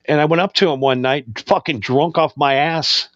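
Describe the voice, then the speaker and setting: A man's voice: fairly high pitch, normal speed, fairly bright tone, dry recording. Profane, heated man telling a story. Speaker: podcast co-host. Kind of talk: casual chat. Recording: dull lo-fi sound, dry.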